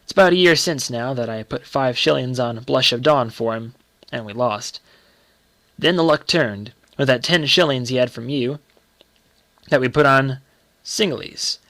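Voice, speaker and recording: A man playing a deferential, secretive groom who speaks respectfully in a hushed, confiding manner. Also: medium pitch, normal speed, no echo, close to an everyday voice.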